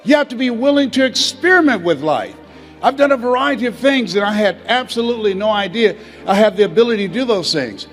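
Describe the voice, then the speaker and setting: A man's voice: sits high, animated, fast, fairly bright tone. A man giving a motivational speech to an audience, emphatic and preacherly, with rhythmic repetition. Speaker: motivational speaker. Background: faint background music.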